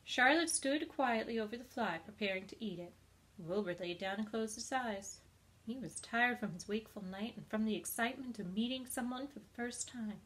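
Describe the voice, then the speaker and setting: A woman reads a children's book aloud with expressive, friendly storytelling. Her voice sits fairly high, and she talks gently to young listeners as a teacher. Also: moderate pace, husky.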